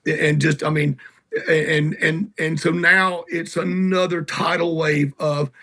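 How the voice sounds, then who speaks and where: Southern man, high bright voice, rambling storyteller guest. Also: fairly even intonation, takes it slowly. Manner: rambling, salty anecdotes. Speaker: guest musician. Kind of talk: casual interview storytelling. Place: garage.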